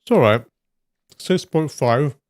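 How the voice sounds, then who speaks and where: Slow, musing man on a dry mic. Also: mid-range voice, animated, no echo. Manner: musing, amused, trailing asides. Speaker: live stream host. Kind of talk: casual chat while tasting snacks.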